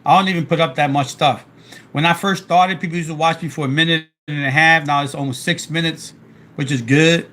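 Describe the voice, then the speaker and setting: A man from South Philly with a Philadelphia accent, rambling casually through a live stream. His voice sits a little high and comes across bright and pushy. He is getting over a sore throat. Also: steady tone, brisk. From South Philadelphia, USA. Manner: chatty, rambling, restarts often. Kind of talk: casual live stream, reading chat aloud and explaining.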